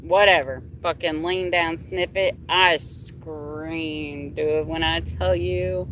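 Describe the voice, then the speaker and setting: A woman's voice: sits low, fairly even intonation, slow pace, fairly bright tone, slight background noise. A young adult woman hosting a livestream, telling a candid personal story in casual, heavily profane talk. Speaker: livestream host.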